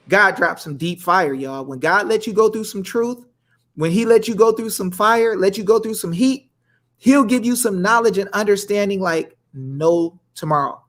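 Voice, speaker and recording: Excitable preacherly man hosting a livestream. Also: sits high, moderate pace. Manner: excitable, preacherly, colloquial, addresses viewers as y'all. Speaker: livestream co-host. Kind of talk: animated live-stream talk with Bible reading.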